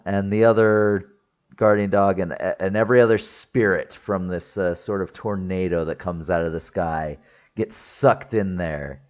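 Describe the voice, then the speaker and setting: Dull, lo-fi audio carries a movie reviewer's very deep, darkish voice as he slowly walks through a film's plot in a casual spoiler review. Emotional and near tears, he rambles, filling gaps with fillers and restarting sentences.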